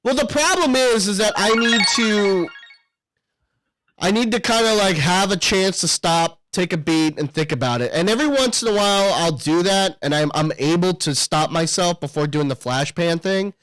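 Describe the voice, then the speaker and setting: Laid-back swearing podcast dad. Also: male voice, sits high, animated, moderate pace, a bit bright, no echo, soft background music. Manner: rambling, swears, laughs often. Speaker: podcast co-host. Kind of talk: casual chat.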